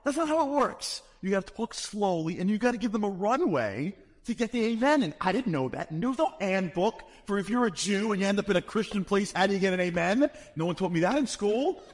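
Fast-talking New man telling stories. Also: fairly high pitch, long reverb tail. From New York. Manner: fast-talking, animated, acts out reactions. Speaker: speaker telling a personal story. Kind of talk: humorous storytelling talk.

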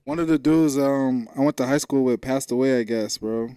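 Smooth-voiced co-host, relaxed slang. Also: male voice, medium pitch, normal speed, dry recording, clean studio sound. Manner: relaxed slang, loose and rambling. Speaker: podcast co-host. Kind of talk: casual podcast chat.

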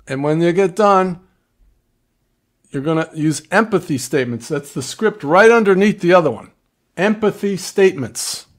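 Earnest man coaching, slightly high voice. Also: expressive, normal speed. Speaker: relationship advice speaker. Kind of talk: instructive advice talk to viewers.

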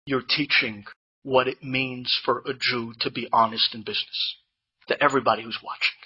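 Husky-voiced man telling a story. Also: mid-range voice, moderate pace, lo-fi sound. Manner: animated storyteller, mixes in Hebrew and Yiddish terms. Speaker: Torah speaker telling inspirational stories. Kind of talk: storytelling talk to a live audience.

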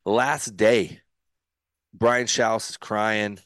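A middle-aged man with a fairly low voice spins a story as a podcast guest. He is animated, acts out his own inner thoughts, and trips over restarts. It is recorded close and dry, with no room sound. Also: extremely slow, dry recording. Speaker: podcast guest, former pitcher. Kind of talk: casual storytelling.

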